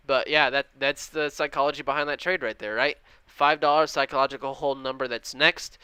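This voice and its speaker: A man's voice: mid-range voice, fairly even intonation, fairly quick, hardly any pauses, bright, forceful tone, clear, resonant tone. A man casually walking viewers through his trades on a live stream and answering chat. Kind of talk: live trading stream commentary.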